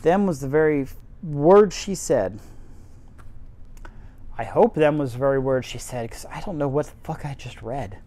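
Tipsy amateur narrator, mellow voice, deadpan swearing asides. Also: mid-range voice, normal speed, long pauses. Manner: wry, profane asides. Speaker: audiobook reader. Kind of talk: casual amateur reading aloud with asides.

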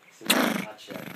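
A man's voice: pushed and bright, slight background noise. A man talking doting, playful baby talk to his pets in a casual home video. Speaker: dog owner. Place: home, indoors.

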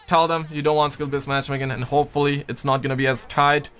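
A young man hosts a gaming livestream, his slightly high voice smooth and a touch bright, delivered flat and fast. He reads viewer messages and jokes around in loose slang, tossing out plenty of "man" and "dude." Faint music plays in the background.

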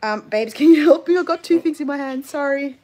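A woman's voice: high voice, a little fast, dark tone. A woman hosting a family live stream, chatting casually and reading out viewer comments. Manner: chatty, reads viewer comments, laughs easily. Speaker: vlog host.

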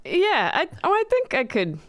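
A woman comedian chatting as a podcast guest, soft-spoken and halting, often trailing off. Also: high voice, huge pitch swings. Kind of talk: casual chat.

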